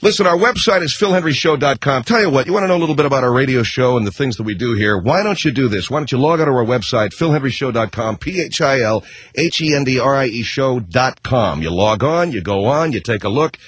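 A man hosting a radio talk show, with an ordinary middle-pitched voice. He reels off plugs and phone numbers in brisk, mock-earnest pitchman patter. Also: animated, breathy edge.

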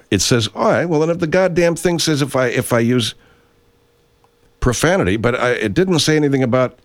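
With a mid-range, expressive, natural voice at normal speed and long pauses, an actor performs a comic radio role. His character, a stuffed-up middle-aged man recording voice-over, is defensive, profane and argumentative, stammering and insisting he's not laughing.

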